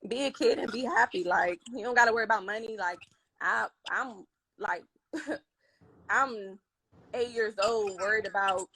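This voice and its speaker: A woman speaking as a guest on a casual live-stream chat, halting and open, with lots of fillers and restarts. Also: mid-range voice, fairly bright tone, husky, low-quality recording. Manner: halting, full of fillers and restarts, open about her feelings. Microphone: phone.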